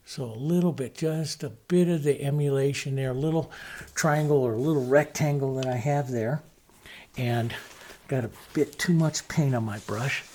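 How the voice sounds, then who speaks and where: A man's voice: medium pitch, a little mellow. A middle-aged man teaching painting, talking easily and thinking aloud as he works, with frequent fillers. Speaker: painting instructor. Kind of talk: relaxed step-by-step painting demonstration.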